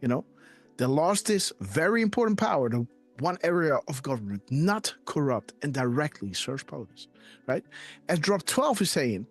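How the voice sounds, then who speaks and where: A man hosting a live decode show, talking fast and excitedly and asking "right?" again and again. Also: on the high side, soft background music. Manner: animated, repeats "right?" and "guys". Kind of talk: conspiracy decode commentary.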